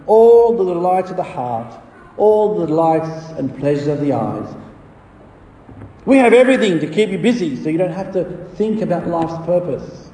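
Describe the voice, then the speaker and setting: A man's voice: sits high, warm tone, pitched above the performer's own voice. A man voicing a pushy male merchant coaxing buyers to look at his wares. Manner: coaxing, salesman-like calling out. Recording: echoey hall from far off.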